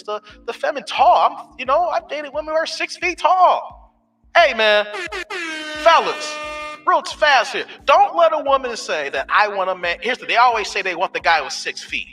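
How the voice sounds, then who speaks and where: Man, 40s, live stream host, slangy storytelling, swinging pitch, bright tone, faint music behind. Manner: loose storytelling, street slang, swearing. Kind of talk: casual live stream chat. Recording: distant mic with faint music.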